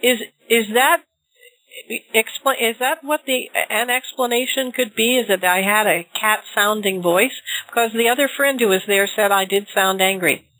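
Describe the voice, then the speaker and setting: A woman's voice: a little high, moderate pace, pushed and bright, no room sound, low-quality recording. A woman hosting an interview, chatty, telling a personal story and asking follow-up questions. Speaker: interview host. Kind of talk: interview conversation.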